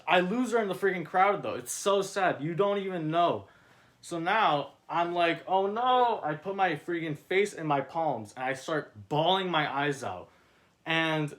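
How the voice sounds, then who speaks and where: A man's voice: on the high side, fairly bright tone. Rambling, mock-dramatic young man storyteller. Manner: frequent self-corrections and restarts. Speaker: storyteller reading his own script. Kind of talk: casual comic storytelling.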